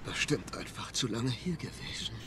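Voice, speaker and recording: A man's voice: medium pitch, animated, normal speed, a bit bright, slight background noise, lightly acted. An actor dubbing a guilt-ridden young male soldier in an anime, strained and emotional. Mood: anguished.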